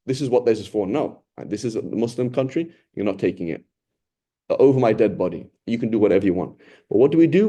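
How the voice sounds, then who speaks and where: A man teaching a Ramadan Quran lesson in a conversational, emphatic way, asking rhetorical questions and acting out what people say. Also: mid-range voice. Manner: acts out quoted people in lively voices.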